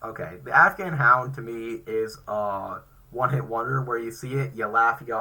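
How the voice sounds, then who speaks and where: A man's voice: mid-range voice, moderate pace, pushed and bright, poor audio. A man co-hosting a casual chat show, giving blunt, dry-humored opinions. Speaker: podcast co-host. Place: home recording, live stream.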